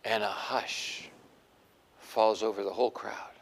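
A middle-aged man preaching a sermon in an animated way, acting out the voices he quotes. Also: on the low side, takes it slowly, vocal fry, long reverb tail, slight background noise. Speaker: pastor.

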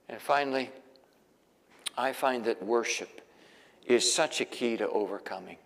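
A male pastor delivering a sermon in a church, moving between hushed, near-whispered prayers and loud, emphatic preaching. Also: medium pitch, unhurried, pauses often. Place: church sanctuary. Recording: long reverb of a large hall.

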